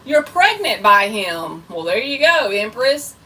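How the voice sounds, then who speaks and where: A woman's voice: on the high side, very animated, unhurried, bright, forceful tone. Chatty woman tarot reader, slightly distant. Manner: chatty and playful, self-described goofy. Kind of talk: live tarot reading.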